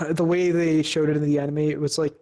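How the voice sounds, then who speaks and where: A man's voice: on the high side, flat delivery, a little mellow. A young man co-hosting a podcast, casually recapping an episode with lots of fillers and restarts. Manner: halting, many fillers and restarts. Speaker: podcast co-host.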